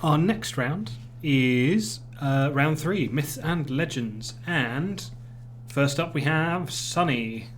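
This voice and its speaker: A man's voice: a little high, lively intonation, slow pace, slight background noise. A man hosting a casual live game show, joking while he runs the rounds. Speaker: game host.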